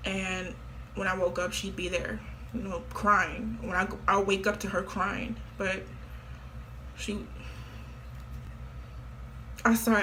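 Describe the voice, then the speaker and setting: A young woman in her late teens speaks straight to her viewers in a casual monologue. Her voice is bright and forward, and she sounds blunt and offhand. A faint hiss of noise sits under her. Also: mid-range voice, level tone, unhurried, long pauses. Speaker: vlogger.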